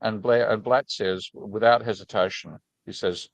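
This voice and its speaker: A man with a low voice, chatting casually as host and wandering through stories with plenty of false starts. He sounds frank and enthusiastic, recorded close and dry. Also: fairly even intonation, moderate pace, creaky, no room sound, low-quality recording. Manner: rambling, restarting anecdotes. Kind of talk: casual conversation.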